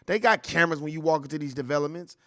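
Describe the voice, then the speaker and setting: A man's voice: fairly high pitch, rapid-fire, pushed and bright, no room sound, clean studio sound. Heated, profane man ranting on a stream. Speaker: host. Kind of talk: ranting reaction commentary.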